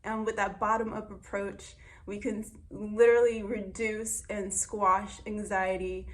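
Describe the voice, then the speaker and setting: A young woman talking casually and earnestly to camera as a wellness vlogger, guiding breathing and speaking with gentle heartfelt warmth. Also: mid-range voice. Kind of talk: casual guided breathing talk.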